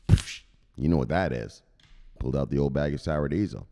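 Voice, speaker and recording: A man's voice: rumbling low, brisk, pauses often, mellow. A man hosting a crypto news channel, telling a profane comic tall tale in a conspiratorial tone. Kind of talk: casual comic storytelling.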